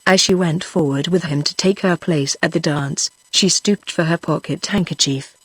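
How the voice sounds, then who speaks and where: A woman's voice: deep voice, normal speed, slightly rough, no room sound. Synthetic British woman reading a story. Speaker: narrator. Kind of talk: text-to-speech audiobook reading.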